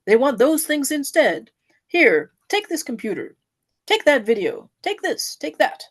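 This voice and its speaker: A woman's voice: high-pitched, big pitch swings, unhurried, voice pushed up. Krishna, as a woman voices a carefree god. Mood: unconcerned. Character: Krishna, a serene male god at play.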